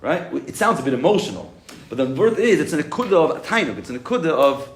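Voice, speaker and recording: A man's voice: on the high side, fast talker. Guy teaching a chassidus class, acts out the aha moments, echoey room. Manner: animated, acts out "I got it" moments, asks and answers himself. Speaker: Torah teacher.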